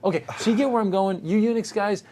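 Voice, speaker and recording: A middle-aged man teaching a technical course live, animated and joking, sometimes acting out little voices. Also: high voice, fast talker, a little hiss or hum. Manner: animated, jokey, acts out voices. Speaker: instructor. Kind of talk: live technical demo with banter.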